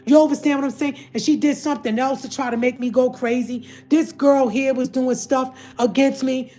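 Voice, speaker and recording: A woman's voice: sits high, darkish tone, echoey room. A woman hosting a livestream, ranting heatedly and repeating herself as she calls her viewers family. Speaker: livestream host. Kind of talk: emotional livestream rant.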